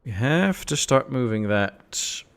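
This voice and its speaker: Guy streaming a city builder, gravelly voice, pitch jumps around a lot, laid back chatter. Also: slow. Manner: relaxed, chatty, reads out chat messages. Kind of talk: casual live-stream commentary.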